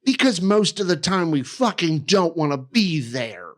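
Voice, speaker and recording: A man's voice: a little high, sing-song, a little slow, a bit bright. Blunt, heavily swearing man on a podcast. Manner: profane, blunt and emphatic. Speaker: podcast co-host. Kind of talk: casual chat.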